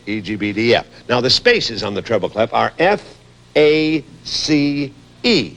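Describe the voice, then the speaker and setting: A man hosting a children's TV show, upbeat and explaining things slowly to the kids. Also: mid-range voice, animated, vocal fry, fairly bright tone. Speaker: host.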